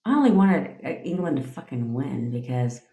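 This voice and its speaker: A woman's voice: very deep voice, very animated, moderate pace, warm tone. Blunt, profane woman coach in an echoey room. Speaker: manifestation coach. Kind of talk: livestream pep talk. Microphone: phone.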